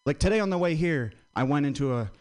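A man with a fairly high voice tells stand-up one-liners. His pitch swings widely as he talks, and his delivery is bouncy. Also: animated, quick pace, darkish tone. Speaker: stand-up comedian.

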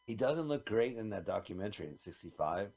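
A man's voice: fairly low pitch, sing-song, a little fast, gravelly, a little mellow. A man co-hosting a radio show, swapping movie stories and slipping into silly voices. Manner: storytelling, slips into silly put-on voices. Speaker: radio co-host. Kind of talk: casual banter while watching a movie. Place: radio studio.

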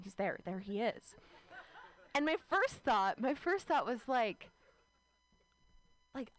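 A woman's voice: a little high, sing-song, normal speed, pauses often. A woman in her thirties from California doing a stand-up comedy set, rambling and self-mocking, full of "like"s. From California, United States.

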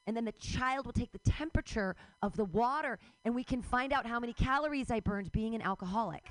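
A woman's voice: a little high, a little fast, dry recording. Rambling middle-aged woman comic. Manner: rambling, jumps into loud outbursts, laughs at her own jokes. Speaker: stand-up comedian. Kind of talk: stand-up comedy set. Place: live comedy show.

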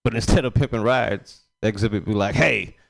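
A man's voice: fairly low pitch, fairly even intonation, fast, a little mellow. A man performing a loose, rambling stand-up set on a comedy club stage. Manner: loose, rambling delivery with frequent fillers. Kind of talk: stand-up set at an open mic.

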